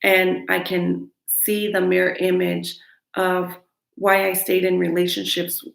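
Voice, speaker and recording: A woman with a low, gravelly voice speaks candidly to her viewers, giving motivational self-help advice. Her tone is earnest and frank. The sound carries a noticeable room echo. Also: little pitch movement, measured pace. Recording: echoey room.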